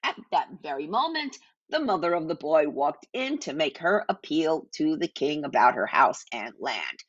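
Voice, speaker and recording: A woman's voice: deep voice, very animated, normal speed, breathy edge, no echo, dull audio. A woman reading and teaching a Bible passage in an earnest devotional style. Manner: earnest, reads scripture aloud with small slips.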